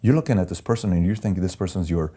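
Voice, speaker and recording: A man who is an entrepreneur, being interviewed and telling candid stories in an animated, emphatic way that repeats key phrases. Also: low voice, rapid-fire, husky. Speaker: entrepreneur guest.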